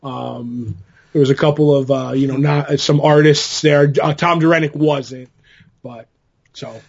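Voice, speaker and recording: A man's voice: fairly high pitch, steady tone, measured pace, creaky, a little mellow, slightly rough, lo-fi sound. A man co-hosting a podcast in casual chat, rambling through stories with many fillers and restarts. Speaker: podcast co-host.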